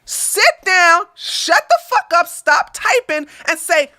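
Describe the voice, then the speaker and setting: A woman hosting a political livestream, ranting combatively and with lots of swearing, jumping between loud outbursts and quiet mutters. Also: very high voice, expressive, normal speed, dry recording, clean studio sound.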